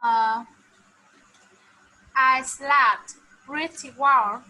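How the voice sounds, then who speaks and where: A woman learning English in a one-on-one lesson, answering hesitantly with many pauses and fillers. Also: sits high, fairly even intonation, pushed and bright, poor audio. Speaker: English student.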